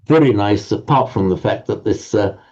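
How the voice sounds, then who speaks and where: A man's voice: fairly low pitch, normal speed, a little mellow. A man teaching Pali pronunciation to a group class, patiently correcting students and often repeating words while he searches for the next one. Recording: dull lo-fi audio.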